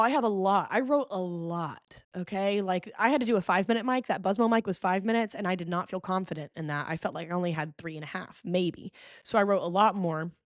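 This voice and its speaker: A woman hosting a podcast in casual chat, telling stories expressively, full of "okay?" and "like", with sudden jumps in pitch. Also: dry recording, clean studio sound. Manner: frequent fillers like "okay?" and "like". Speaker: podcast host.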